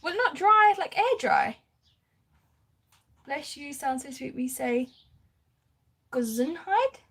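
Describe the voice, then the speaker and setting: A woman hosts a live crafting stream, chatting casually as she works. Her voice sits a little high, and she laughs often while reading out and answering comments from viewers. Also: animated, a little slow, vocal fry, fairly bright tone.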